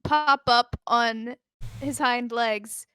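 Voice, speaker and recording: A woman's voice: fairly high pitch, steady tone, drawn-out words, bright, forceful tone, smooth, no echo, studio quality. A woman playing a tabletop role-playing game, describing her character's actions in a chatty, rambling way. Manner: chatty, lots of likes and restarts. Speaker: player. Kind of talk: tabletop role-play chat.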